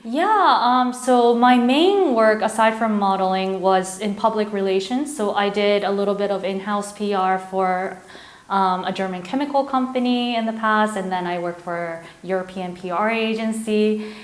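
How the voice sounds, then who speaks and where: A woman's voice: mid-range voice, moderate pace. Reflective American-accented woman, roomy echo. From Japan. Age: 30s. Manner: reflective, storytelling, loose with fillers. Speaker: interview guest, model. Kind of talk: casual interview conversation. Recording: roomy echoey room.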